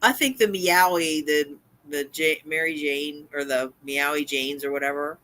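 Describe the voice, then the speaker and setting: An easygoing co-host on a casual live stream. The voice sits mid-range, and the delivery is relaxed, with easy laughter. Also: medium pitch, measured pace.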